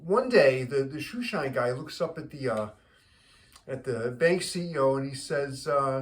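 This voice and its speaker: Man telling a joke, casual, stop-start repeats, mid pitch. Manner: halting, repeats words, relaxed. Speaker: joke teller, show host.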